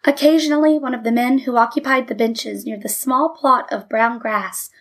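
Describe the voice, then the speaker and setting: Female narrator, calm and even, slightly high voice, storybook reading. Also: moderate pace.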